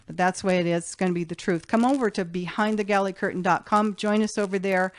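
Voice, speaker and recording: A woman's voice: medium pitch, steady tone, fast, no echo. A woman, a former flight attendant, giving an emphatic, rambling and insistent monologue.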